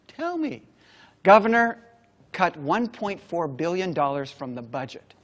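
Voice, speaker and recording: A man giving a motivational keynote, telling a story dramatically with long pauses. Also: fairly high pitch, expressive, fairly bright tone. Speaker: keynote speaker. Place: stage before a large audience.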